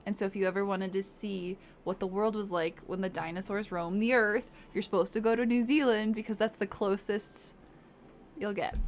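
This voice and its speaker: A woman's voice: medium pitch, a little hiss or hum. Chatty Southern American woman. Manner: chatty, laughs often. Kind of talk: casual chat.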